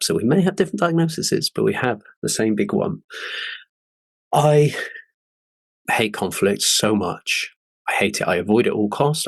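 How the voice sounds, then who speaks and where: A man's voice: lowish voice, gravelly, husky, no room sound. A man in his forties hosting a podcast, telling personal stories in an earnest, candid way. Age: 40s. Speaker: podcast host. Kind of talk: casual podcast chat.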